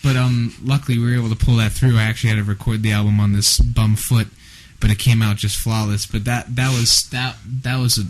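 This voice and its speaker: A man's voice: on the low side, level tone, brisk, rough recording. A man in a casual interview chat, talking in loose, rambling sentences with frequent restarts and casual swearing. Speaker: band member, guest.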